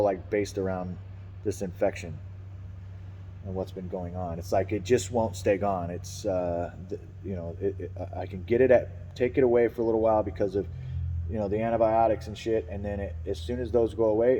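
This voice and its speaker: A man's voice: fairly low pitch, steady tone, a little fast, dark tone, long reverb tail, a little hiss or hum. A man talking casually on a vlog, rambling and swearing as he vents frustration about work. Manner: rambling, profane, frustrated venting. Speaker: vlogger.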